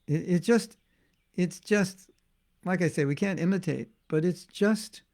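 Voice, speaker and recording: A man's voice: high voice, unhurried, a little mellow. A man giving an informal devotional class as a spiritual teacher, talking in a musing, conversational way with frequent restarts and asides.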